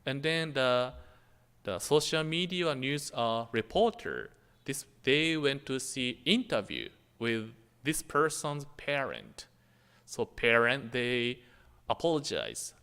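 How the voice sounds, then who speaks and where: A minister giving a dharma talk, speaking in halting, searching phrases. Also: male voice, mid-range voice, big pitch swings, a bit bright, clear, resonant tone. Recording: temple hall reverb.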